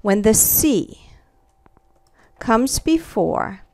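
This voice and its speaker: A woman gives a Spanish pronunciation lesson at a deliberately slow pace, repeating each example word with care. She keeps checking in with "okay" and "all right". Her voice sounds dry and close. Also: a little high, very animated, darkish tone, dry recording. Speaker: Spanish teacher.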